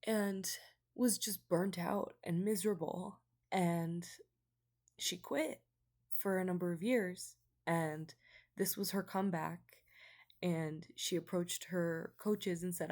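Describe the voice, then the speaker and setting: A young woman speaks straight to her viewers in a loose, heartfelt ramble full of ums and likes. Her voice sits on the low side with a steady gravelly fry. It sounds like an unscripted vlog. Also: slow. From United States. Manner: heartfelt and rambling, with many fillers. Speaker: vlogger. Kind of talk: casual vlog monologue.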